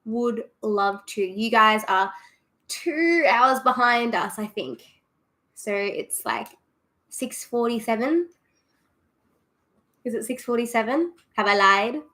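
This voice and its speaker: A woman's voice: medium pitch, bright, forceful tone. A young Australian woman chatting casually with viewers on a livestream, giggly and self-deprecating. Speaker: streamer.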